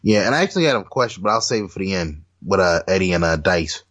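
A man's voice: low-pitched, lively intonation, fast, fairly bright tone. A man chatting casually as podcast co-host, rambling and restarting his sentences. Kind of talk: casual chat.

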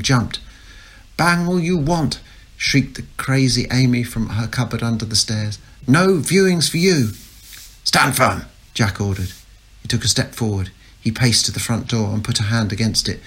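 A low, husky male voice reads a novel excerpt aloud. His delivery is understated yet carries a punch. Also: a bit bright, rough recording. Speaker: reader of a submitted manuscript. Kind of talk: dramatic reading of a novel excerpt.

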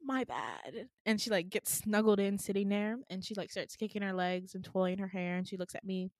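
A woman hosting a podcast, casually retelling a dream in an animated, sarcastic way, laughing often. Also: mid-range voice, brisk, dry recording, studio quality. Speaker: podcast host.

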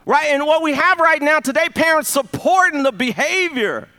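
This fifties-aged pastor has a very high voice and speaks at normal speed. His sermon is animated and humorous, and he repeatedly invites the congregation to call back answers.

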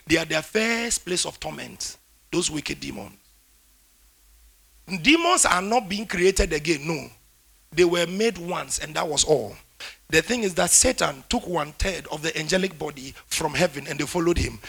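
A man preaching a sermon, emphatic, with declarations that rise loud toward the end. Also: fairly high pitch, creaky, slightly rough.

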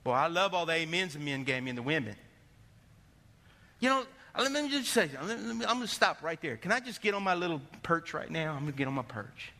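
High, bright-voiced man preaching in a reverberant church. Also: a little fast. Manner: animated preaching, rising to shouts and dropping low. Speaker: pastor. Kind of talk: sermon. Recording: long hall reverb.

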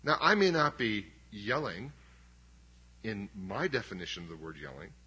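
A man's voice: on the low side, big pitch swings, moderate pace, pushed and bright, breathy edge. A middle-aged man preaching a sermon as pastor, conversational and emphatic, with self-deprecating humor.

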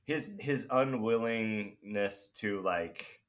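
Halting, low-voiced man ranting casually. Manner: halting, many fillers and restarts, ranting. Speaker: podcast co-host. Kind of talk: casual chat.

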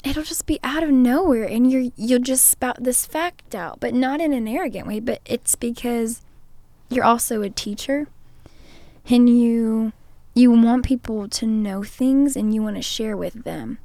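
A young woman talks casually with her partner in a playful, teasing way and laughs often. Her voice sits fairly high but sounds warm and mellow, and the recording is dry and close. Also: measured pace, no echo. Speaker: partner in a couple's conversation. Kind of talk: casual chat.

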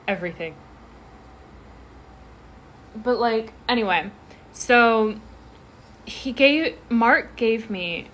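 A woman's voice: mid-range voice, a bit bright, slight background noise. A young woman telling a rambling story in casual chat, with lots of fillers and restarts.

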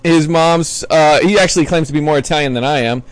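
A man's voice: fairly high pitch, brisk, dry recording. A man in his forties, a former baseball player, talks as a podcast guest in a casual, rambling way with lots of fillers. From Florida, USA. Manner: chatty storyteller with many fillers and restarts. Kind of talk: casual interview chat.

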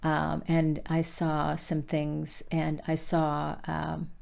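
A woman's voice: sits low, monotone, takes it slowly, creaky, darkish tone. A woman giving a casual devotional Bible teaching, speaking earnestly and directly to her listeners.

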